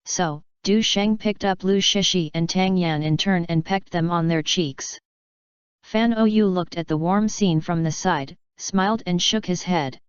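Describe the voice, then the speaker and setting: Female audiobook reader, steady delivery, lowish voice, dull lo-fi sound. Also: normal speed, clear, resonant tone, no room sound. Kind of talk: scripted narration. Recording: slightly dull lo-fi recording.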